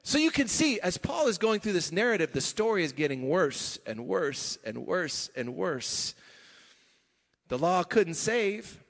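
A man's voice: sits high, big pitch swings, unhurried, vocal fry, a bit bright, in a large hall. A male pastor preaching a sermon, talking in a conversational, emphatic way with chuckles and restarts, in a church sanctuary.

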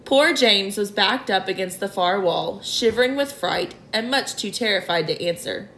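A woman reading a children's novel aloud in an expressive way. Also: mid-range voice, moderate pace, hardly any pauses, slight background noise. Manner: expressive, clears throat now and then. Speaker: reader. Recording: roomy echo.

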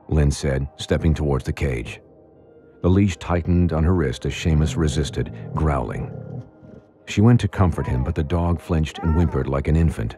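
A man narrating an audiobook in a dramatic, measured storytelling manner. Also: extremely low pitch, dark tone, faint music behind. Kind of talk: scripted narration.

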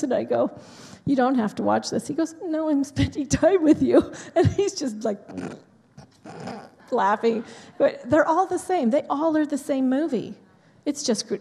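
A woman's voice: on the high side, mellow. A woman pastor giving a sermon in a conversational, chatty way, with asides to the congregation. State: dry mouth from allergy medicine. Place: church sanctuary. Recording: long hall reverb in a church.

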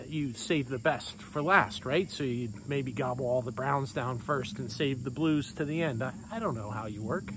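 A man giving a sermon as a pastor, in a playful, conversational storytelling manner with lively swings in voice. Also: on the high side, slight background noise, poor audio.

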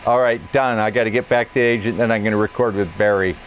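A man hosting a show, talking casually and negotiating in a low-key, chatty way. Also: fairly even intonation, fast, slight background noise. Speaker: host. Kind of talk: casual comedic talk.

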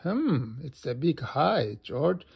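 Father pig, nervous and hesitant, man voicing, gravelly. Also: fairly high pitch, big pitch swings, takes it slowly, lo-fi sound, exaggerated voice.

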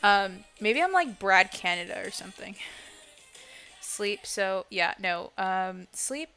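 Unhurried, bright-voiced young woman streamer. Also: mid-range voice, clean tone. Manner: swears freely, blurts exclamations, rambles to chat. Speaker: gaming streamer. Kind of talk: casual live-stream chat while playing. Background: faint music.

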